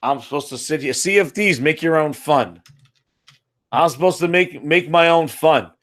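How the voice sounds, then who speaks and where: A man's voice: fairly high pitch, animated, normal speed, fairly bright tone. A man from the United States ranting about a video game, profane, exasperated and sarcastic. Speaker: gaming commentator. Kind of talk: ranting monologue.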